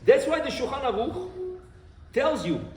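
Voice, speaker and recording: A man's voice: very high voice, measured pace. A man giving a sermon as a rabbi, telling stories and asking rhetorical questions. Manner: animated storytelling with rhetorical questions. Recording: roomy, distant mic, faint noise.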